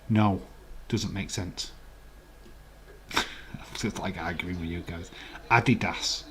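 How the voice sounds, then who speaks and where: Yorkshire man, low voice, slow unhurried talk, chatty teasing stream host. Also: a bit bright. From England. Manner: chatty, teasing, mock-arguing with chat. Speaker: host of a live watch-along stream. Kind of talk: casual live-stream chat.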